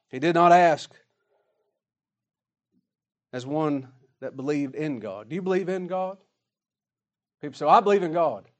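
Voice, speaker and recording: A man preaching a sermon emphatically, swinging between loud declarations and hushed asides. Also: on the high side.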